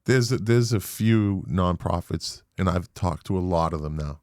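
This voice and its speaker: A man with a Boston accent hosting a podcast interview, animated and emphatic, with casual swearing. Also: low-pitched, moderate pace, no room sound, studio quality. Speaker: podcast host.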